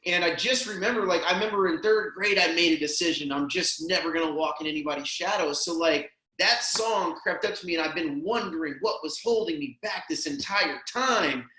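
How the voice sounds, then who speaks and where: A man's voice: on the high side, brisk, few pauses, bright, forceful tone, slight background noise. A man telling a heartfelt story as a podcast guest, earnest and emotional, often saying "man" and "dude". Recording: roomy echo.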